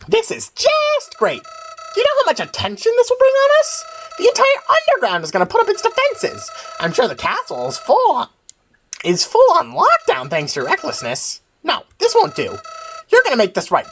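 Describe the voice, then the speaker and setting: A woman's voice: very high-pitched, wildly swooping pitch, moderate pace, a little hiss or hum, voice pushed up, exaggerated voice. A woman voicing a scheming, vicious male talking flower who bosses and sneers. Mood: bossy. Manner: bossy, sneering, scolding.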